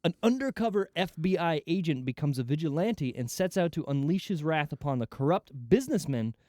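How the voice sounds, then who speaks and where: A man's voice: on the high side, animated, brisk, mellow, no echo, studio quality. A man hosting a movie review podcast, chatting casually in an easygoing, joking way. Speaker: podcast host. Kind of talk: casual chat.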